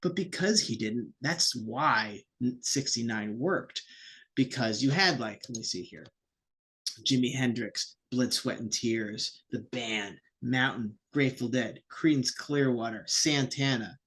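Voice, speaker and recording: A man's voice: mid-range voice, measured pace, fairly bright tone, slightly rough. A man who is a podcast guest, talking casually and heatedly and swearing freely. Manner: heated, sweary, puts on voices when quoting. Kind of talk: casual chat.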